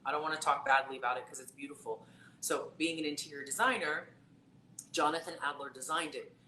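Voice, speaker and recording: Chatting casually on a live stream, a woman who works as a psychic tarot reader shares a personal story full of fillers. Her voice is low, fairly quick, pushed and bright, and the room echoes faintly with background noise.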